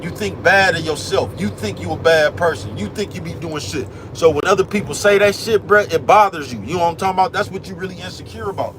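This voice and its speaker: A man's voice: sits high, fast, hardly any pauses, noisy background. A man vlogging in a casual rant, full of street slang and the same catchphrase over and over. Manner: streetwise slang, repeats "you know what I'm talking about".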